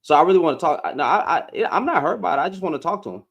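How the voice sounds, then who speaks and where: Man, heated casual rant, slangy, very expressive pitch. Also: rapid-fire, gravelly, breathy edge. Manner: animated, confrontational, slangy. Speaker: live-stream host.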